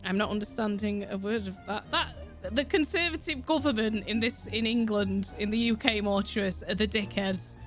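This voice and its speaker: A streamer with a virtual avatar chats casually during a game, her Yorkshire accent coming through as she swears freely and laughs often. Her voice is medium-pitched and moderately paced. Soft music plays in the background.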